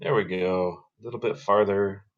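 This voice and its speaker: A man with a very low voice and a slight lisp trades live alongside friends. He sounds laid-back and joking, and the stream audio is dull and lo-fi. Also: fairly even intonation, normal speed. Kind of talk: casual live trading chat.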